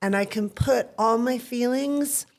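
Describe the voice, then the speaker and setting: A woman's voice: fairly high pitch, a little slow, darkish tone. A woman talking as an interview guest, an acting teacher who tells personal stories in an earnest, reflective way and acts out the voices she quotes.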